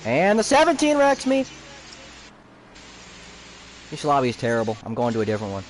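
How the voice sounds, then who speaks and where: A man's voice: mid-range voice, wildly swooping pitch, moderate pace, a little hiss or hum. A young man streaming a racing game, ranting at other racers and repeating himself. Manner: repeats phrases over and over. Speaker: gaming streamer. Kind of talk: live gameplay commentary.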